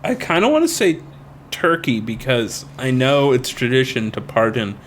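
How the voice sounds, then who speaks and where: A man co-hosting a casual podcast, playful and quick to laugh while answering trivia. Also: medium pitch, big pitch swings, slight background noise. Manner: playful, laughs often, tries silly put-on accents. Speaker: co-host and trivia contestant.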